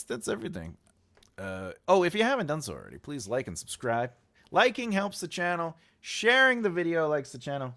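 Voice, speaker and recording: His voice sits on the high side with a slightly bright quality. A middle-aged man hosting a casual livestream, he jokes around, laughs a lot and slips into mock-epic proclamations in bursts.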